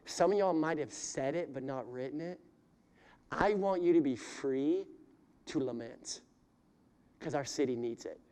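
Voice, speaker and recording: A pastor preaching to his congregation in a high, bright voice. He speaks to the room directly and acts out heartfelt prayers that climb into pleading cries. He then drops back to soft, earnest appeals. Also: a little slow, pauses often, clean tone. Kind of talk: sermon.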